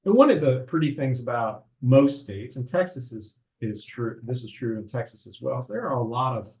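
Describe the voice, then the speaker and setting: A man, an estate planning attorney, explaining legal procedure in a measured way on a podcast conversation, slowing down on key terms. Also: medium pitch, expressive, a little mellow, low-quality recording.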